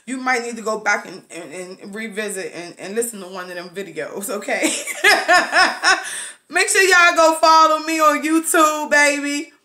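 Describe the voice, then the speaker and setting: A woman hosting her own podcast, talking in an emotional, nervous, excitable way and calling listeners baby and boo. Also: high-pitched, measured pace. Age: adult with children. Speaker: podcast host. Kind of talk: casual motivational talk. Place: Maryland, USA.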